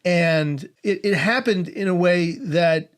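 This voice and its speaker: A man in his forties with a slightly raised pitch, speaking as an interview guest. He tells his story in a lively, humorous way, laughs often, and acts out the voices of the people in it. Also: slow. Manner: animated, humorous storyteller who laughs through his anecdotes.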